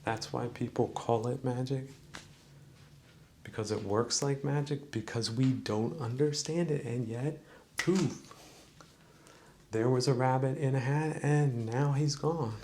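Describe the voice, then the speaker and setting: A man hosting a podcast, musing in a slow, preachy mock-sermon monologue with a gravelly voice. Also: medium pitch, mellow, slight background noise. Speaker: podcast host. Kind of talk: rambling comedic monologue.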